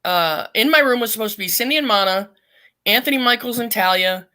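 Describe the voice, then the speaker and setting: A woman's voice: fairly high pitch, brisk, pushed and bright. Blunt, profane woman telling stories. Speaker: guest. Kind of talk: casual storytelling.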